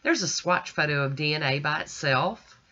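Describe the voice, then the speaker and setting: Woman, stuffy nasal voice, bright and forceful, chatty nail host, dull lo-fi recording. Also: sits low, expressive, normal speed. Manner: chatty, gushing and folksy. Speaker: nail art channel host. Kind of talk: casual demonstration chat.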